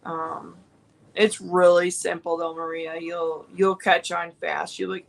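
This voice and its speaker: A woman's voice: on the low side, level tone, a little slow, vocal fry, poor audio. A woman chatting casually on a home crafting livestream, rambling with fillers and restarts. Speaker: crafting vlogger.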